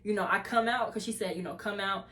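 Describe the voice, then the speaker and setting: A woman's voice: mid-range voice, fast, a bit bright. A young woman vlogger telling a story casually and animatedly, acting out the voices of the people in it.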